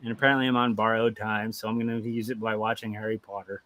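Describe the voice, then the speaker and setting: Profane, animated man in his thirties. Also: lowish voice, fast. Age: 30s. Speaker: livestream host. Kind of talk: casual chat.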